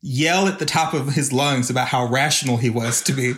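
This podcast guest, who makes videos, speaks briskly at a medium pitch with few pauses. The talk is casual, and he comes across as earnest, reflective, and openly emotional.

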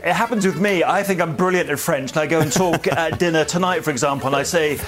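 A man's voice: fairly high pitch, music in the background. Chatty male news correspondent reporting live. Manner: chatty, conversational, pauses with uh. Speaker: royal editor. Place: on location abroad.

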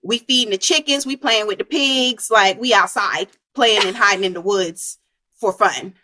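A woman from South Carolina, a guest in a casual conversation, speaking in unhurried, drawn-out phrases with many pauses. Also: medium pitch, bright, forceful tone, a little hiss or hum. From South Carolina, USA.

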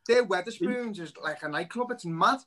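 A man's voice: high-pitched, expressive, moderate pace, a loud crowd. A man co-hosting a podcast, chatting in casual, laughing banter. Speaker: podcast co-host. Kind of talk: casual chat.

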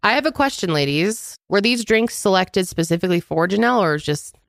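A woman's voice: medium pitch, lively intonation, gravelly, dry recording, clean studio sound. A young woman co-hosting a casual podcast chat, running a guessing game with a playful, teasing manner. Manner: playful, teasing, quick to laugh.

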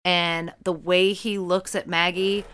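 A woman co-hosting a podcast, recapping a TV episode in animated casual chat, often restarting her sentences. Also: fairly low pitch, slow pace, clear, resonant tone. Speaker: podcast co-host.

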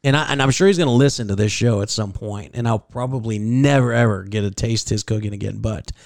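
A man's voice: on the low side, fast talker, creaky, dry recording, studio quality. A man from the Midwestern US co-hosting a casual podcast, joking, complaining and often laughing, recorded in a small closet-sized room. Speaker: podcast co-host. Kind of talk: casual banter.

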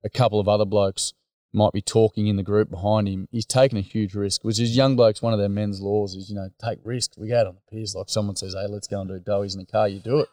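A man's voice: on the low side, level tone, fast, a little mellow, no echo, studio quality. A middle-aged man with an Australian accent, a guest on a podcast interview, telling stories in a casual, slangy way. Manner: storytelling, full of slang, acts out dialogue. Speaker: guest, workshop facilitator.

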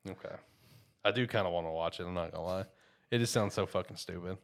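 A man with a fairly low voice co-hosts a casual podcast chat. He talks loosely and laid-back, swearing freely and trailing off with fillers. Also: fast, creaky. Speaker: co-host.

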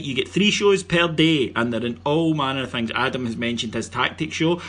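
A man's voice: medium pitch, sharp tone. A middle-aged man with a Scottish accent hosting a podcast, joking and bantering as he reads out announcements. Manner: joking, banter-heavy, promotional. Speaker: podcast host. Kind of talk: casual podcast chat.

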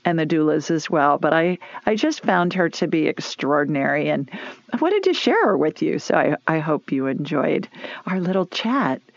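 Southern woman, call-in radio host, upbeat and chatty, slightly low voice, dry dull lo-fi sound. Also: creaky, no room sound. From Alabama. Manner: upbeat, chatty, laughs often. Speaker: radio show host and psychic medium. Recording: dull, lo-fi broadcast audio.

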